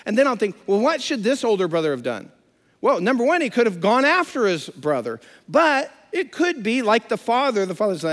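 A man's voice: high-pitched, wildly swooping pitch, normal speed, a bit bright. A man preaching a sermon who acts out the characters of the story he tells. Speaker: pastor. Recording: long hall reverb.

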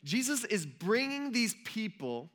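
A young pastor preaching in an easygoing, conversational way, scattering "um" and "uh" as he retells the story. His voice sits high for a man and has a bright, forceful edge. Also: very animated, a little slow. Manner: casual, conversational retelling with frequent fillers. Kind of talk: sermon.

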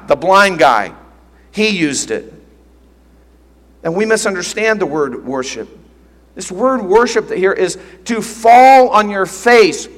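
Earnest high-voiced preacher in a reverberant hall. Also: male voice, a bit bright. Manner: earnest, emphatic teaching with repeated phrases. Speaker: pastor. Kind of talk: sermon. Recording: long reverb of a large hall.

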